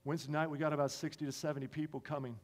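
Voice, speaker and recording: A man preaching a sermon with passion, swinging from emphatic lines to quiet ones. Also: fairly high pitch, little pitch movement, racing. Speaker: pastor. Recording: long reverb of a large hall.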